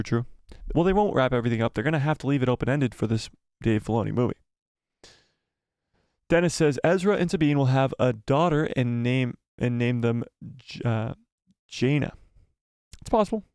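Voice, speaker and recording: A man's voice: mid-range voice, dry recording. Guy running a live chat stream, voice going a bit, super hyped, says stuff twice, dry sound. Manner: excited, repeats phrases for emphasis. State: losing his voice.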